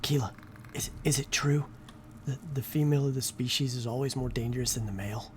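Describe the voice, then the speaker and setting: A man's voice: medium pitch, brisk, slight background noise. Wry man playing a tabletop game. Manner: wry, joking. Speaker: player.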